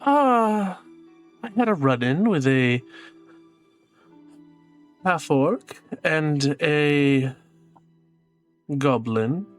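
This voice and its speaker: A man voicing an uptight male high elf who speaks in a clipped, stiff way. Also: lively intonation, extremely slow, pauses often, faint music behind. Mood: curt.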